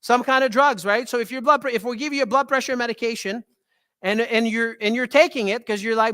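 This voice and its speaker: High, bright-voiced man giving a health talk. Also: a little fast, smooth. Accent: French Canadian. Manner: animated, repeats "right?" to the audience. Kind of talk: live talk to an audience. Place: talk to a live audience in a room.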